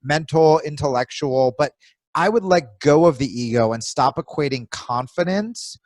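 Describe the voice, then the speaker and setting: A man's voice: on the high side, moderate pace, no room sound. A man co-hosting a podcast in casual chat, giving blunt, profane coaching advice. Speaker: podcast co-host.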